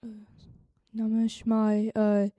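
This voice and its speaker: Woman answering slow and unsure, lots of uhs, very mellow dark tone, dry call sound. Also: fairly high pitch, completely flat delivery, no echo. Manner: hesitant, with many pauses and fillers. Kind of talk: answering a question in a group. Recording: dry phone-like call audio.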